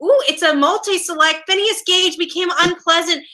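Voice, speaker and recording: A woman hosting a quiz show, bubbly and playful as she reads out questions quickly. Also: very high voice, bright, forceful tone, low-quality recording. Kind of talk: upbeat game show hosting.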